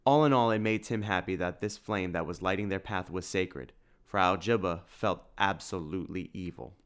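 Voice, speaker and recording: Smooth low-voiced male narrator. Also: moderate pace. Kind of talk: audiobook narration.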